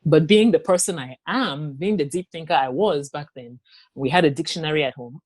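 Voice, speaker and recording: A woman giving a personal testimony in an interview, telling her story haltingly with pauses, restarts and quoted dialogue. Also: low-pitched, darkish tone, breathy edge, no echo. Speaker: interview guest.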